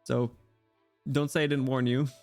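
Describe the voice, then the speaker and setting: A man's voice: medium pitch, little pitch movement, normal speed, darkish tone, faint music behind. A man streaming a game, chatting casually, joking and swearing. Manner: joking, crude, laughs easily. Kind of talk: casual gaming commentary with read-aloud dialogue.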